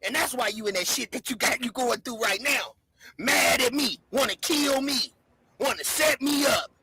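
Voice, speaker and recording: A woman hosting a livestream, loudly hurling mocking insults in a shouting rant. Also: fairly high pitch, moderate pace, very noisy. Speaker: livestream host.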